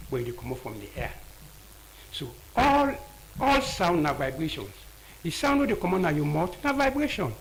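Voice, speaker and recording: A man's voice: fairly high pitch, vocal fry, slight background noise, rough recording. A man with a Sierra Leonean Krio accent, an audiologist explaining ear health as a guest in a radio studio, often repeating key words.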